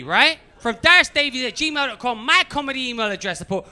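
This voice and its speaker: A man doing a stand-up comedy routine on a club stage, animated, swinging from muttering to shouting. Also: very high voice, brisk.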